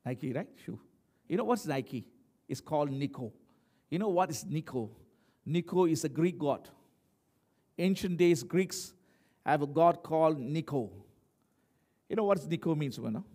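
A man's voice: a little high, lively intonation, a little slow, pauses often, mellow. A man preaching as pastor, emphatic, often asking the congregation questions. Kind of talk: sermon.

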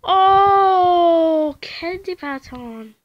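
Excitable high-voiced woman gamer. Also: extremely slow, highs cut off. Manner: excitable, squeals and hums along. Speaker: gameplay narrator. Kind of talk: excited gameplay commentary. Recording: noisy home recording.

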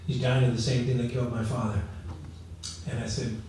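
A man's voice: medium pitch, little pitch movement, fairly quick, warm tone, a little hiss or hum. A middle-aged male pastor preaching a sermon in a chatty storytelling way, acting out the people in his stories. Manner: conversational storytelling, acts out quoted voices. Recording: very echoey room, mic at a distance.

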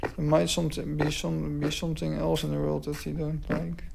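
A man's voice: fairly high pitch, completely flat delivery, normal speed, gravelly. A man giving casual gameplay commentary, talking to the dogs in the game, puzzled and mocking himself. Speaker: gaming commentator. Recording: loud background noise.

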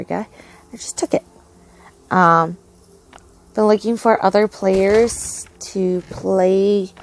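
A young woman narrating her own gameplay in a casual, excitable, easily distracted way, full of fillers and sudden outbursts. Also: mid-range voice, vocal fry. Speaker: gaming channel host. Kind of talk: casual game commentary.

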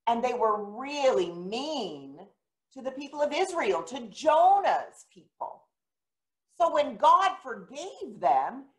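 A woman giving a children's sermon in a church, retelling a story gently and asking the children questions. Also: sits high. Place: church sanctuary. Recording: echoey church room.

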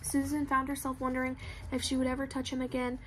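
High, flat-voiced woman reading a novel. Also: quick pace, slight background noise. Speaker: audiobook reader. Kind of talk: scripted novel narration.

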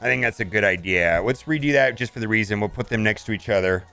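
A man's voice: lowish voice, fast, gravelly, pushed and bright, soft background music. Chatty man commenting on his gameplay. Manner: chatty, thinks aloud, many "all right"s. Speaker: mobile game streamer.

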